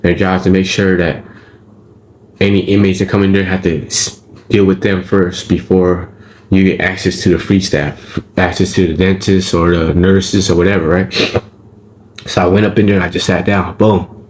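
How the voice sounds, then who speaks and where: A man's voice: deep voice, flat delivery, moderate pace, darkish tone, slight background noise. A man, telling the story of his time in prison in casual, profane street slang and checking in with his listener as he goes. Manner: profane street slang, frequent "right?" and "you feel me?".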